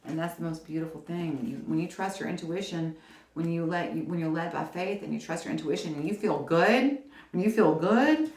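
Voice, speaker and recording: A woman giving a casual weekly tarot reading to camera, animated and encouraging, speaking straight to the viewer. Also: low-pitched, fairly quick. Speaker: tarot reader. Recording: roomy echo.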